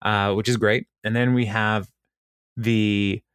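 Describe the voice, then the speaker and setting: Laid-back low-voiced male podcast host. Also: flat delivery, slow, fairly bright tone, clean tone, no echo. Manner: laid-back, chuckles often, meandering. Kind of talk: casual chat recapping a TV episode.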